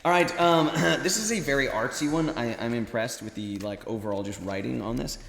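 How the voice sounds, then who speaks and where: A man's voice: medium pitch, a little fast, creaky, fairly bright tone. A man co-hosting a live school podcast, talking in a laid-back way with dry jokes. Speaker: teacher and podcast co-host. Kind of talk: casual live show banter. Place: school gym. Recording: echoey gym with long reverb.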